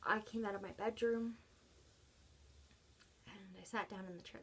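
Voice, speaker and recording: A woman vlogger telling her own story unscripted, halting and emotional, often dropping to a soft breathy voice between pauses. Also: medium pitch, steady tone, slight background noise.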